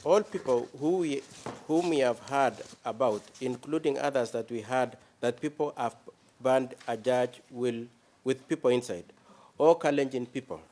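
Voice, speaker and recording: In a courtroom, a man acting as defence counsel formally addresses the judges, reading quoted passages aloud in a measured way. His voice is medium in pitch and dark in tone.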